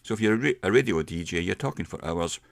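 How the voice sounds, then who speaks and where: Lower-voiced man teaching pronunciation. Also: expressive, gravelly, no room sound, clean studio sound. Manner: unhurried, explains step by step with slowed demonstration words. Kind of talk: casual spoken lesson.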